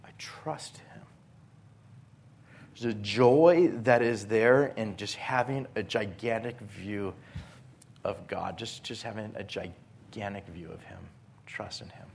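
Slow-speaking earnest male preacher. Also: on the low side, creaky, a little hiss or hum. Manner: earnest, swings from forceful emphasis to hushed softness; repeats words and restarts phrases. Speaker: pastor. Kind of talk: sermon.

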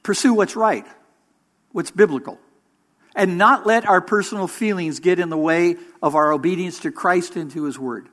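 A man preaching a sermon as interim pastor, measured and emphatic, with pauses for weight. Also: high voice, a bit bright.

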